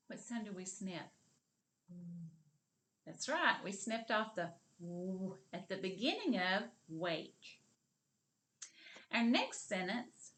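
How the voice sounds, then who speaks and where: Slow, lively-voiced kindergarten teacher woman. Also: mid-range voice. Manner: slow, clear and encouraging, drawing out sounds. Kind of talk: video literacy lesson for young children.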